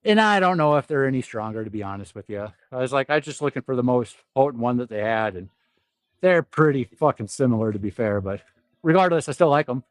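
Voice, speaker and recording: A man's voice: medium pitch, lively intonation, fast, dry recording, clean studio sound. Nasal stuffy-nosed man in a gym. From South Dakota. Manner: profane, rambling, laughs often. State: stuffy nose. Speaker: fitness vlogger. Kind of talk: casual gym livestream chat. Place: indoor gym.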